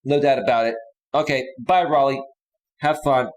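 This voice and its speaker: A man's voice: mid-range voice, steady tone, normal speed. A man hosting a live stream, casually chatting and reading out viewer comments and donations. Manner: laid-back, says "bro" and "man" often.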